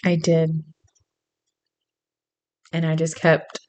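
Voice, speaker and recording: A woman's voice: low-pitched, monotone, very slow, darkish tone, smooth. A woman vlogging in a casual, chatty storytelling monologue, laughing often and restarting her sentences. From suburbs, grew up in.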